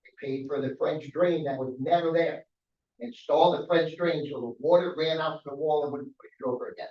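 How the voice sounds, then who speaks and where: A man's voice: on the high side, fairly quick. A middle-aged man giving public comment at a council meeting, aggrieved and pleading, repeating himself as he makes his complaint. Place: council chamber. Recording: roomy, distant, dull chamber audio.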